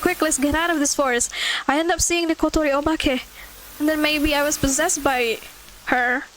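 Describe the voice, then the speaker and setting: A woman streaming a horror game playthrough, reacting excitably with swearing and laughter. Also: high-pitched, moderate pace, a little hiss or hum, rough recording.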